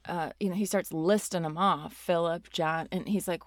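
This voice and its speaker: A woman co-hosting a comedy podcast, chatting in a bubbly, earnest way with quick reactions. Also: fairly low pitch, fairly even intonation, dry recording. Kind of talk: improvised character comedy chat.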